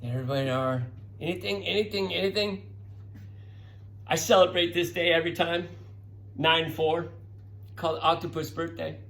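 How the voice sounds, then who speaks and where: A middle-aged man telling children a science story, calling each child by name and getting excited as he goes. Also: fairly high pitch, normal speed, creaky, pauses often, poor audio. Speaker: presenter talking to children. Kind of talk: storytelling science talk for kids.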